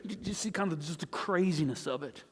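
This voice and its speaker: High-voiced man preaching in a reverberant church. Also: brisk, breathy edge. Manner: earnest, reads scripture aloud with rising emotion. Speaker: pastor. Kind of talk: sermon. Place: church sanctuary.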